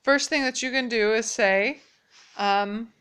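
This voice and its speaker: A woman teaching a language lesson at a whiteboard, explaining patiently and repeating each phrase slowly. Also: a little high, a bit bright, clean tone.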